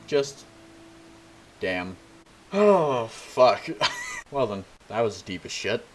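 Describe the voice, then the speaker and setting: A man's voice: fairly low pitch, slow, soft background music. A man commenting casually on a game as he plays, with blunt, profane reactions. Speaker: game streamer. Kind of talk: let's play commentary.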